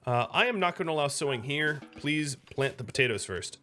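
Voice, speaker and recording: A man with an American accent chats his way through a game stream, reading viewer messages as he goes. His voice is bright and his pitch swings in a lively way. Faint music plays under him. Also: fairly quick. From United States. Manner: chatty, talks to chat and to his pet between game moves. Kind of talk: casual gameplay commentary.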